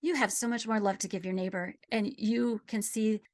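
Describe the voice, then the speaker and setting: A middle-aged woman gently telling a personal story in a reflective conversation, dropping at times to a near whisper. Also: mid-range voice, fairly even intonation, moderate pace. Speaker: guest sharing a personal story.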